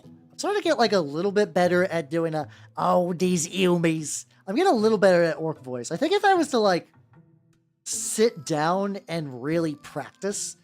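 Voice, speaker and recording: This high-pitched VTuber streamer has a lively voice and rambles through casual livestream chat while painting miniatures. Soft music plays in the background as he trips over his words and corrects himself.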